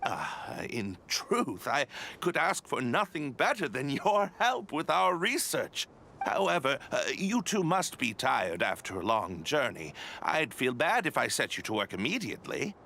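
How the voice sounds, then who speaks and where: An actor playing a polite but scheming male expedition leader, courteous and flattering with a sly edge, in a video game. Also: medium pitch, unhurried, creaky, heavily acted. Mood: evasive. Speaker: expedition organizer.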